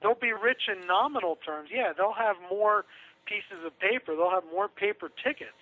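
A man's voice: high voice, moderate pace, no room sound. A man talking casually on a radio show, chatty and sarcastic, laughing through his own asides. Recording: tinny phone line.

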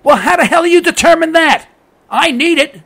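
This American man, a political commentator, talks at a normal speed in an extremely high, creaky, slightly bright voice. Delivering a radio-style opinion piece, he's emphatic and sarcastic, repeating his points to hammer them in.

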